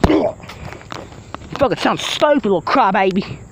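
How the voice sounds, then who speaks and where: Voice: medium pitch, animated, moderate pace, noisy background, close to an everyday voice. A performer voicing a foul-mouthed, furious male villain who rants and threatens in a fan-made machinima. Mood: raging. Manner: ranting, swearing, threatening.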